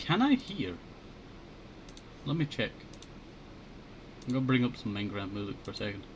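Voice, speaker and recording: A man chatting casually while drawing on a headset mic, thinking aloud in a low-key mutter. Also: sing-song, normal speed, slight background noise. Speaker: streamer.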